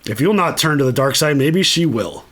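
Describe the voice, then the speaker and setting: A man voicing a weary armored male villain who speaks to his son in a flat, resigned way. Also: fairly high pitch, moderate pace.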